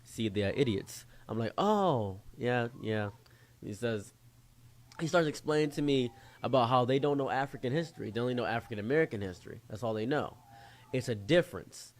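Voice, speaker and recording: A man telling a personal anecdote in an animated way, acting out the people he quotes. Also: mid-range voice, a little fast. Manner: animated, acts out quoted voices. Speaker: storyteller in a clip. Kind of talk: anecdotal storytelling.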